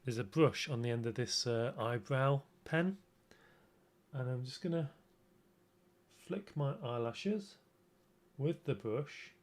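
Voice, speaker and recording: The speaker is a streamer, a man guiding his audience through a makeup routine with no rush at all. Pitched in the ordinary middle, his casual talk meanders, teases himself, and repeatedly starts over.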